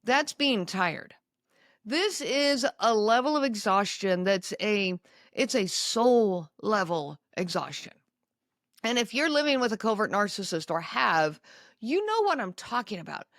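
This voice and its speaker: A woman hosting a podcast, talking through recovery advice in an earnest, conversational way, with lots of casual fillers and slowing down on the phrases she wants to land. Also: mid-range voice, sing-song, fairly bright tone, no echo, clean studio sound. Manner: conversational and earnest, with frequent "you know" fillers. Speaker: podcast host. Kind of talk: reflective monologue giving recovery advice.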